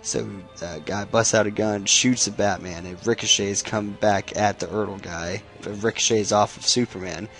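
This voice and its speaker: A man's voice: fairly low pitch, steady tone, normal speed, hardly any pauses, a bit bright, faint music behind. A man casually retelling a comic book's plot, swearing freely and restarting his sentences. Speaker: comic book recap YouTuber. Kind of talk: casual spoken comic recap.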